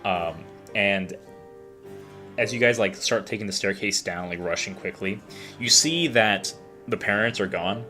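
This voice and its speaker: Low-ish bright guy rambling as a game master, music faint behind. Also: unhurried. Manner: casual, rambling with many fillers. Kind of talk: narrating a tabletop game.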